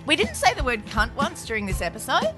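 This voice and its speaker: A woman with a high, very animated voice co-hosts a podcast. She teases and jokes sarcastically, laughing often, over music in the background. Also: quick pace. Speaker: podcast co-host. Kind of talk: casual banter.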